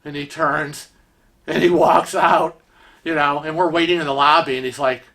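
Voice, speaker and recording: A man vlogger telling rambling, animated stories in a casual way, with many fillers. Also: a little high, normal speed. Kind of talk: casual storytelling.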